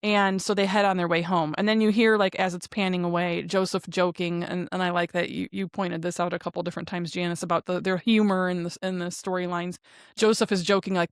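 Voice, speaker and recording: A woman's voice: fairly low pitch, flat delivery, a little fast, clear, resonant tone, dry recording. Chatty woman recapping an episode, dry sound. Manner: chatty retelling with fillers and quoted lines. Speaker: podcast co-host.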